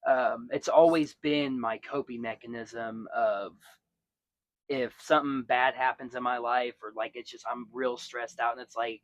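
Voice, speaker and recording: A man's voice: medium pitch, fairly even intonation, a little slow, no room sound, muffled recording. A young man hosting a podcast, chatting casually in a rambling way with many restarts and fillers. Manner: rambling, lots of restarts and fillers, storytelling with quoted voices. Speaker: podcast host. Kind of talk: casual chat.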